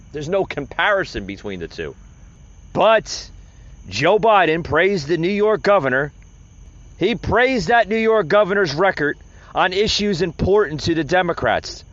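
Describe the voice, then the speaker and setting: A man hosting a podcast, delivering heated, rambling and sarcastic political commentary. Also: a little high. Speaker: podcast host. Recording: dull lo-fi recording.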